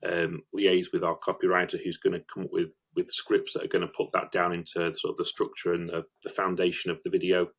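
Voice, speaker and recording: Guest, man, very low voice, explains his work and repeats words as he thinks. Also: monotone, a little fast, vocal fry, few pauses, husky. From northern England. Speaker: video production company founder, guest. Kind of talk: conversational interview.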